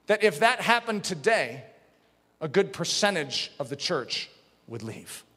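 A man preaching a sermon as pastor, impassioned, dropping to a hush and rising to shouts. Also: on the high side. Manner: impassioned, swings from hushed to shouting. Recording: long hall reverb.

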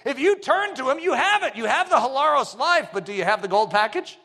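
A middle-aged man preaching a sermon, swinging between hushed asides and shouted exclamations. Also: extremely high pitch, sing-song, fairly quick.

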